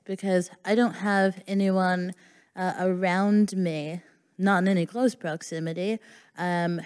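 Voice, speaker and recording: A woman's voice: mid-range voice, a little mellow, smooth. A woman co-hosting a live comedy podcast on stage, cracking sassy jokes. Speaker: guest co-host. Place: live stage in a concert hall. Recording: reverb of a live concert hall.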